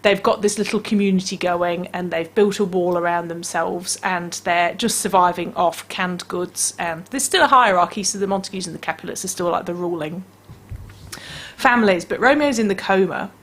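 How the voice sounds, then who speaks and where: Nz lady doing book reviews on local radio, bit husky, chatty, does silly voices for the characters. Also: fairly low pitch, moderate pace, fairly bright tone. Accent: New Zealand. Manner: chatty, acts out story voices.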